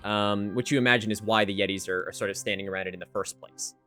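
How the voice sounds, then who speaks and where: A man narrating a tabletop game as game master in a casual, hesitant way, often pausing on "um". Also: fairly low pitch, fairly even intonation, sharp tone, soft background music. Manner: casual, hesitant, many ums.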